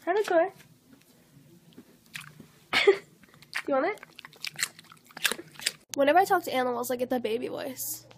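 A woman's voice: high voice, expressive, measured pace, pauses often, slight background noise. A young woman doing short comedy sketches to camera, playful and sing-song, often breaking into song. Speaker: vine comedian. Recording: loud music and crowd behind.

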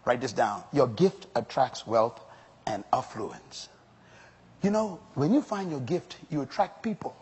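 A man's voice: mid-range voice, expressive, measured pace, a little mellow, breathy edge. A male pastor delivering an emphatic sermon to a congregation, rising to strong exclamations. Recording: long hall reverb.

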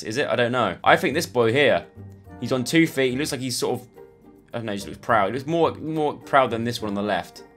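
A young YouTuber with a mid-range, fairly bright voice plays through online quizzes for his channel. He keeps up casual commentary, chatting and thinking out loud as he goes.

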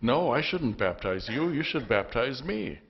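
A man's voice: medium pitch, big pitch swings, vocal fry, lo-fi sound, slight background noise. A man doing a solemn desert prophet. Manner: slow, solemn pronouncements. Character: solemn male desert preacher.

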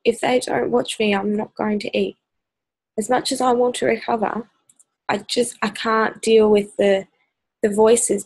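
An exhausted Australian woman talks straight to camera in a personal vlog, her voice low on energy and gravelly with fry. She speaks in a flat, even line, stopping often on ums as she searches for words. The sound is dry and close. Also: no echo, low-quality recording. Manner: hesitant, full of ums, earnest. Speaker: vlogger.

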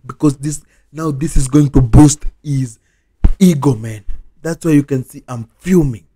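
A man's voice: mid-range voice, a little slow, mellow, slight background noise. A man vlogging a repetitive reaction rant, sounding exasperated and repeating the same phrases over and over. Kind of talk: repetitive ranting vlog reaction.

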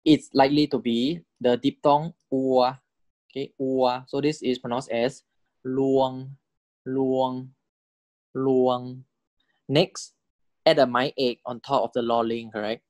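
A Thai language teacher gives a recorded lecture on Thai spelling and tones, working patiently and methodically and pausing often to confirm understanding with repeated "correct?" and "okay?" He says each example word several times, letting his pitch rise and fall to show the tones. His middle-pitched voice is steady and a little mellow, captured in a dry, close recording with no room echo.

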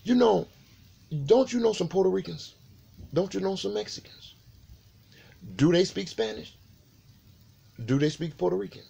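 A man's voice: sits high, normal speed, vocal fry, pauses often, mellow, husky. A man, talking in a rambling, profane monologue, full of rhetorical questions. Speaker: video channel host. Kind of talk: casual monologue to camera.

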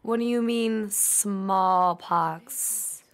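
A woman's voice: mid-range voice, extremely slow. A young woman reacting live to an anime episode, gasping, swearing and pleading at the screen.

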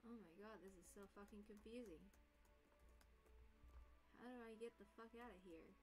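A young woman streaming a video game, chatting casually and swearing often, swinging from soft musing to frustrated yelling. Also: mid-range voice, normal speed, faint music behind. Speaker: let's play streamer. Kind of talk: casual gameplay commentary.

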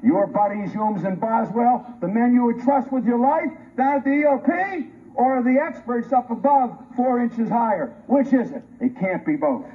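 A man speaks in a very high voice with lively intonation, at a moderate pace and with few pauses. As a forensic pathologist on a review panel, he argues with a colleague in a heated public debate speech that is combative, sarcastic and emphatic, preserved in a muffled lo-fi archive recording with faint hiss.

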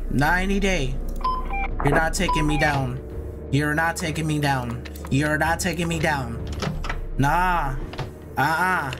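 A young man giving nervous, repetitive commentary while playing a horror game, hyping himself up. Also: on the high side. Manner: nervous, repeats himself, hypes himself up. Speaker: gaming YouTuber.

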